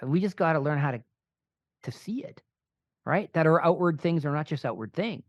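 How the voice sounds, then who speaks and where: Lively middle-aged man in a dull, dry recording. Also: on the high side, quick pace, no room sound. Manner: animated, enthusiastic storyteller. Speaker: podcast co-host. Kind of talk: casual chat and storytelling.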